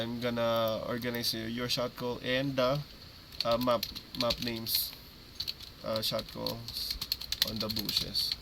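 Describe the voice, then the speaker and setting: Male esports coach, mid pitch, instructive team-meeting delivery that drills terms home. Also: noisy background. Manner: instructive, repeats key terms, checks in with listeners.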